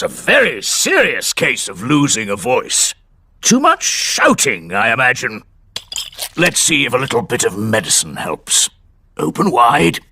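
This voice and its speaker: An actor voicing a dry-witted male bear doctor in a cartoon, brisk and matter-of-fact. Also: mid-range voice, gravelly, bright, forceful tone, a little hiss or hum, full character voice.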